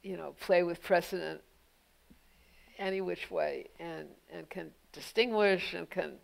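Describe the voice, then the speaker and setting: A woman speaks as the guest of a public onstage conversation, thoughtful and pointed, dropping frequent "you know" fillers. Her voice is somewhat low and noticeably gravelly, with a fry at phrase ends. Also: fairly even intonation, a little slow, rough recording. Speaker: guest speaker, legal journalist. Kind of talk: public onstage conversation answering audience questions.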